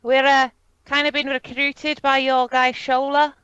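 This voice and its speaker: High-voiced woman player. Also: level tone, unhurried, a bit bright, no echo. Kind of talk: in-character tabletop play. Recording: dry, dull lo-fi sound.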